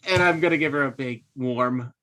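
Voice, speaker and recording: A woman playing a tabletop game, talking casually with soft, halting phrasing. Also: very deep voice. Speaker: player.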